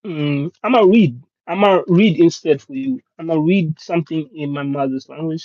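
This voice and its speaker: Male live streamer, first language Swahili, halting rambling chat, dry dull lo-fi audio. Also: fairly high pitch, mellow, dry recording. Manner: halting and rambling, many restarts.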